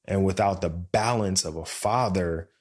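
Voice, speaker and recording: A man's voice: a little slow, darkish tone. A middle-aged man and podcast co-host, talking things over in a reflective, casual way. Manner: reflective, acts out quotes in a higher voice. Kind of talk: casual conversation.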